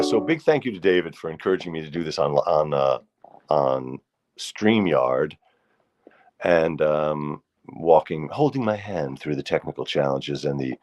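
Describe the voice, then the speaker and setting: A man with a very low voice hosts a relaxed livestream, talking casually and rambling a little. He greets his viewers one by one by name. He sounds middle-aged and at ease. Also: unhurried. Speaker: host.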